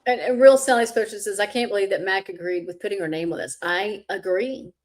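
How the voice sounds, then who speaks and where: A woman's voice: mid-range voice, fairly quick. A woman hosting a casual livestream chat, speaking candidly and sometimes with rising emphasis, a little stuffy from allergies. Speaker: host.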